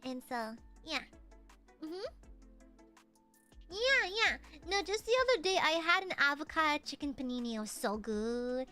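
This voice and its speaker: A woman streamer chatting casually and thanking viewers for super chats, playful and prone to sudden shouting. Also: high voice, animated, measured pace, pauses often, soft background music. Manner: playful, bursts into shouts and laughter.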